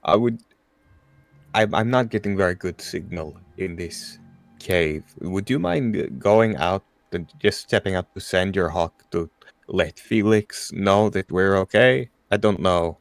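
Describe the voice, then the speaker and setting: Gravelly man at a tabletop game. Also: low-pitched, measured pace, no echo. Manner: hesitant, playful in character. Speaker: player. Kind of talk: casual tabletop game chat.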